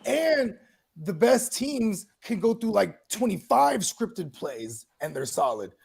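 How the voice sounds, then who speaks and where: A man's voice: sits high, takes it slowly, creaky, breathy edge. A man co-hosting a sports podcast, chatting casually and joking around. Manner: joking, animated, puts on voices for bits. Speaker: podcast co-host.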